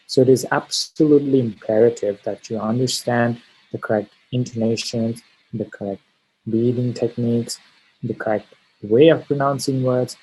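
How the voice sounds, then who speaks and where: A man's voice: mid-range voice, a little mellow, slightly rough, rough recording. A man teaching a test-prep lesson on pronunciation, explaining step by step and often checking in with "all right?". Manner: frequent tag questions, stresses key words. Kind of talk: spoken lesson on exam pronunciation.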